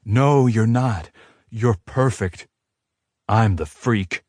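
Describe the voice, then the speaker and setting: A man's voice: on the low side, drawn-out words, no room sound. A man playing a remorseful werewolf lover. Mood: confessing. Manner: soft, soothing, apologetic.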